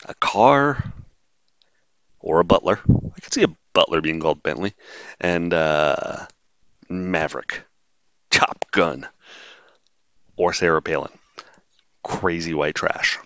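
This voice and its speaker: A man's voice: deep voice, steady tone, a little slow, long pauses, fairly bright tone, no echo, muffled recording. A man hosting a solo podcast, talking in a blunt, sarcastic, rambling way with lots of fillers. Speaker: podcast host.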